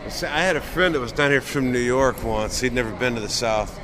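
A man's voice: medium pitch, brisk. A man in his forties in a casual, easygoing chat, chatting and laughing along. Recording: outdoor recording with crowd noise.

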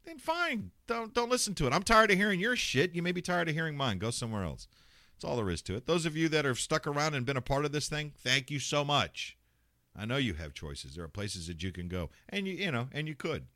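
A man rants on his talk radio show, blunt and sarcastic and quick to swear. His pitch rises and falls a lot. The sound is dry and close, with no room around him. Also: big pitch swings, sharp tone, no echo. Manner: mocks callers in put-on voices. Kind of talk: ranting talk radio monologue.

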